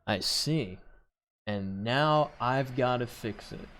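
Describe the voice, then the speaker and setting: A man's voice: mid-range voice, slow, a bit bright, slight background noise. Playful man streaming a game. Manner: playful, joking, reacts to the game. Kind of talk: casual gameplay commentary.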